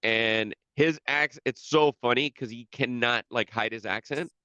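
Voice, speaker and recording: A man chatting on a podcast, rambling and cursing freely, circling back over his own half-finished sentences. His voice sits in a middle pitch, and the recording sounds dry and a bit dull. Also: a little slow, pushed and bright, clean tone, no room sound. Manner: rambling, profane, many restarts. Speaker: podcast co-host. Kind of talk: casual chat.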